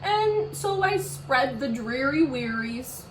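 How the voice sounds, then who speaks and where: A mopey male fish from a storybook, sulky and dramatic in a drawn-out sing-song, as a woman puts him on. The voice sits fairly high and unhurried. It echoes in a room, caught from a distance. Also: lively intonation, background noise. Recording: roomy echo from far off.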